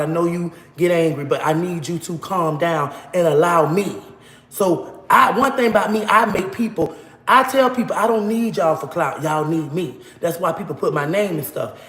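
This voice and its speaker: A woman's voice: mid-range voice, echoey room, big-room sound. A woman chatting preachily and boastfully to livestream viewers as she cooks at home, calling them baby and honey, talking into a propped-up phone. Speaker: livestream vlogger. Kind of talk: casual preachy livestream chat while cooking. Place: home kitchen. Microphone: phone propped nearby.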